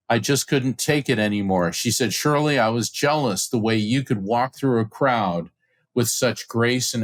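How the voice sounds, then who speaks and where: A middle-aged man, a guest on an interview podcast, telling a story with excitement and acting out the voices of the people in it. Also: medium pitch. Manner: acts out quoted voices, excited retelling. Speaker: podcast guest, psychic medium.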